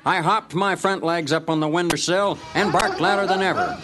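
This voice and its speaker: A man's voice: high-pitched, steady tone, moderate pace, loud music behind the voice. A man narrating a story in character as a cocksure male ranch dog, in a folksy, self-important manner.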